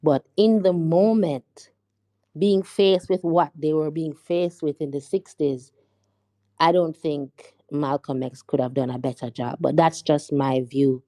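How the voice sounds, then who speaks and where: A woman with a low, mellow voice leads a panel discussion. She speaks emphatically, building rhetorical questions. The sound is close and dry. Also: fairly even intonation, measured pace, no room sound. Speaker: discussion moderator.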